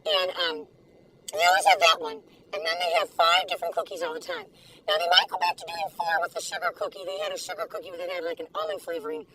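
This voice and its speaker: An older woman gushes and giggles through a casual food review, her voice gravelly and swinging widely in pitch. She sits in her car, a little away from the mic, with faint vehicle noise behind her. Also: lively intonation, fast, pushed and bright, recorded from a distance, rough recording. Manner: gushing, giggly, exclamatory. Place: inside a parked car.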